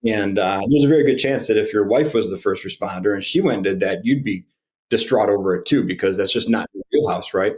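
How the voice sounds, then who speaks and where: A man hosting a podcast, chatting casually and telling anecdotes in an animated, jokey way. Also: lowish voice, a little fast. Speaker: podcast host.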